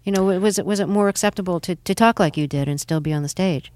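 Low-voiced woman interviewer, measured. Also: a little mellow. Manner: measured, deliberate questioning. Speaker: radio interviewer. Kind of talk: interview questions and intros.

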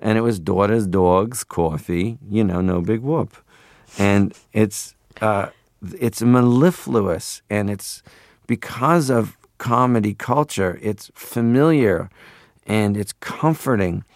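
A man's voice: fairly low pitch, slow, darkish tone, no echo, studio quality. A man in his forties from Canada, a radio interview guest who talks in a playful, rambling way and keeps slipping into voices. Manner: playful, rambling, drops into voices and foreign phrases.

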